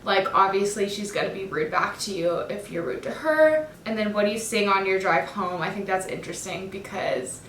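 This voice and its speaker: A woman's voice: moderate pace, hardly any pauses, fairly bright tone, distant mic. A woman casually breaking down song lyrics, chatty and enthusiastic, with lots of fillers. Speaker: music fan breaking down an album. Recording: echoey room, voice from off the mic, faint rumble.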